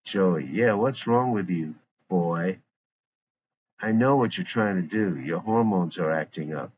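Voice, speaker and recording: Gruff suspicious dad, read by a man, very deep, dull recording. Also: lively intonation, measured pace, no echo, exaggerated voice. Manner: gruff, blunt. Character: suspicious grumbling father, middle-aged man. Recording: dull lo-fi recording with faint hiss.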